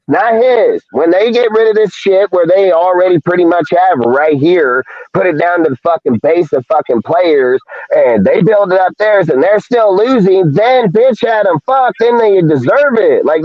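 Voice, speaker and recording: A man with a high voice hosts a live fan show, ranting heatedly in rapid bursts and swearing constantly. There's no echo, and the stream audio is dull and lo-fi.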